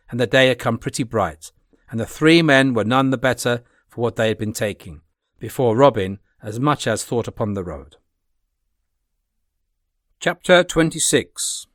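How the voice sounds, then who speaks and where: A man reading a classic adventure novel aloud as an audiobook narrator, with a plain, steady delivery. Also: mid-range voice, no echo, clean studio sound.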